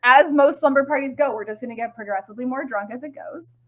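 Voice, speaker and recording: A woman's voice: high voice, fast, a bit bright. A woman with a Canadian accent, co-hosting a podcast in casual chat, playful and teasing, acting out quotes, on a remote call mic. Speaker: podcast co-host.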